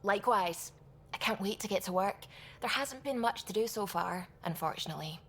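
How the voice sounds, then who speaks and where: A woman's voice: medium pitch, lively intonation, a little fast, fairly bright tone, breathy edge. An actress with a West Coast Scottish accent playing an eager, chatty female scientist. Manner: enthusiastic, rambling.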